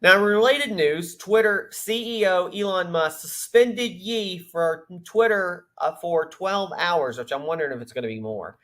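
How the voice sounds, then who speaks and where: A man hosts his own political commentary podcast, reading stories out and breaking off for sarcastic remarks. His voice sits a little above the usual male pitch. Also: fairly bright tone. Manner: reads news aloud with sarcastic asides. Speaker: podcast host.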